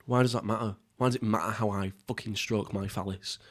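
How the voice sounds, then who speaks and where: A man's voice: fairly low pitch, steady tone, fairly quick. A young man hosting a casual mukbang podcast, rambling and swearing, often laughing at himself. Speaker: podcast host. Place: at home, seated.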